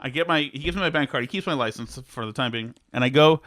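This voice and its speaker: A man from Massachusetts co-hosting a podcast, telling a long anecdote in a rambling, animated way. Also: mid-range voice, quick pace, dry recording, clean studio sound. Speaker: podcast co-host. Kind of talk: casual chat, storytelling.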